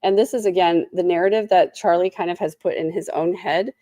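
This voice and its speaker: A woman recaps a court case in casual commentary, her voice lowish, mellow and dark. She sounds tired, with a sore throat, and drops snarky, sarcastic asides. The sound is close and dry. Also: fairly even intonation, brisk, no room sound. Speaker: trial recap host.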